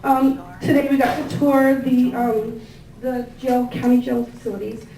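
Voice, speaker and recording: Woman, fairly high voice, warm rambling speech, heard from across a roomy hall. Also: steady tone, unhurried, creaky. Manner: warm, gushing, rambling with many fillers. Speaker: event organizer introducing staff and guests. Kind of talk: thank-you speech at a gathering. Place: large indoor room with tables. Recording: echoey room, picked up from a distance, faint ambient noise.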